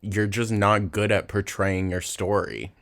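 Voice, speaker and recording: Slow, deep-voiced sarcastic man. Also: fairly even intonation, fairly bright tone. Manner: sarcastic, mocking, heavy swearing. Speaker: reaction channel host. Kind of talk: casual reaction commentary.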